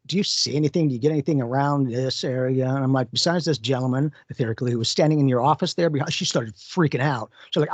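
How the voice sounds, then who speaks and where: A man's voice: medium pitch, fast talker, few pauses, no echo. A man co-hosting a radio talk show as a psychic medium, telling stories in a casual way and acting out the voices he quotes. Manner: storytelling, acts out quoted voices. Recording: dull lo-fi radio audio.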